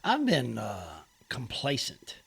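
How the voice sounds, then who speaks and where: A man's voice: medium pitch, wildly swooping pitch, takes it slowly, vocal fry, a bit bright, breathy edge. A man hosting a podcast, telling stories in a laid-back, chatty way with frequent laughs. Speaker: podcast host. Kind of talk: casual chat.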